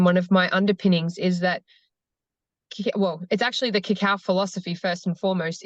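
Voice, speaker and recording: A woman's voice: fairly low pitch, no echo. Woman ceremony facilitator, earnest storyteller, dry muffled podcast sound. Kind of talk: podcast conversation.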